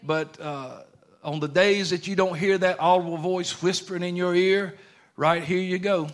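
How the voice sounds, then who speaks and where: A man's voice: sits high, fairly even intonation, normal speed. A man preaching a sermon in an earnest, conversational way, using plain everyday grammar.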